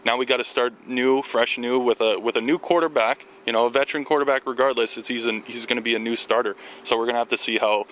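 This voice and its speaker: A man, a university football coach, interviewed outdoors at middle pitch. He talks with eager energy but stops and restarts often. Faint city traffic hums behind him. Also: fairly even intonation, a bit bright, poor audio. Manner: enthusiastic, halting with many restarts. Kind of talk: sports interview. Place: outdoors at a ballpark.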